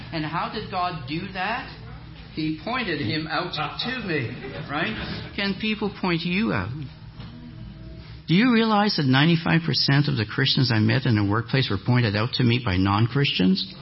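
A man preaching a sermon as a guest speaker, telling a lively story and acting out the voices of the people in it. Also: a little high, muffled recording, background noise. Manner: animated storyteller, acts out quoted voices. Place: church hall.

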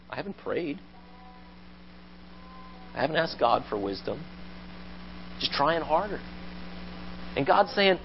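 A man preaching a sermon, telling stories with animated delivery and loud quoted voices. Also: on the high side, moderate pace, pauses often, muffled recording, slight background noise. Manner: animated storytelling, rising to loud acted quotes. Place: church.

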